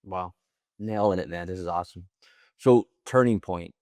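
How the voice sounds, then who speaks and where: Deep-voiced enthusiastic podcast host. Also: male voice, normal speed, darkish tone, no echo, clean studio sound. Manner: enthusiastic, encouraging interviewer. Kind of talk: casual interview.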